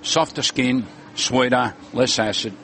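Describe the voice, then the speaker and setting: A man's voice: medium pitch, unhurried, bright, forceful tone, a little hiss or hum. Market man, chatty about food. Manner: enthusiastic, food-loving, hesitant fillers. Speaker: fruit and vegetable seller. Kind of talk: casual market chat. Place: outdoor market.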